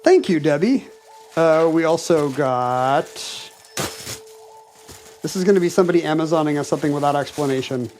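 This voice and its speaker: A man's voice: fairly high pitch, animated, moderate pace, long pauses, darkish tone, a little hiss or hum. A man co-hosting a podcast in casual chat, with a dry, wry manner. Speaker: podcast co-host.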